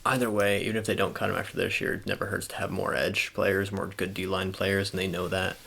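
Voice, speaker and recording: A young man speaking in a soft ASMR style, chatting casually and rambling with many fillers and restarts. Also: low-pitched, flat delivery, brisk, vocal fry, slightly rough. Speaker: ASMR channel host. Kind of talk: soft-spoken ASMR sports talk.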